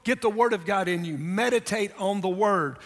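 Middle-aged male pastor, high voice, emphatic sermon delivery, long reverb of a big hall. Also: moderate pace. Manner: emphatic, calls for audience response.

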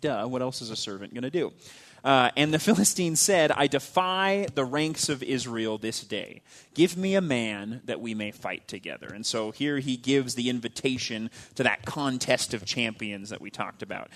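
A man teaching a casual Bible lesson, reading passages aloud and explaining them in a loose, conversational way, with fillers and phrase ends that drop off quietly. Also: mid-range voice.

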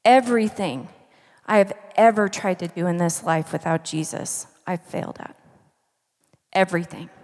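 A woman pastor preaching a sermon in an emphatic, conversational storytelling manner, heard in a reverberant church hall. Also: a little high.

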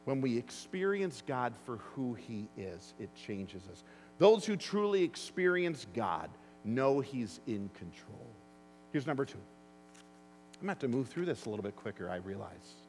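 A man preaching a sermon as pastor, earnest and emphatic, with deliberate phrasing. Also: medium pitch, very animated, darkish tone, a little hiss or hum. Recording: long reverb of a large hall.

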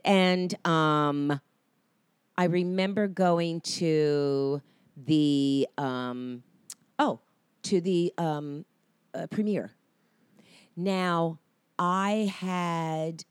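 A woman's voice: fairly low pitch, drawn-out words, long pauses, clean tone, no room sound. A woman actress telling stories as a guest on a casual interview show, rambling with many ums and restarts.

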